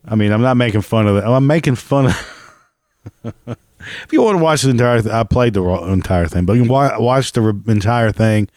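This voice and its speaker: A man's voice: mid-range voice, moderate pace, a little mellow, dry recording, studio quality. A man giving casual, sarcastic and profane reaction commentary on a video he is watching.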